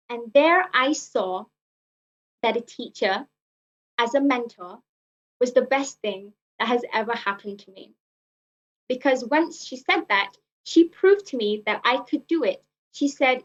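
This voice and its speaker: A woman's voice: on the high side, a little slow. A young woman giving a prepared personal speech at a speaking club, earnest, often repeating herself and using fillers. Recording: muffled lo-fi recording.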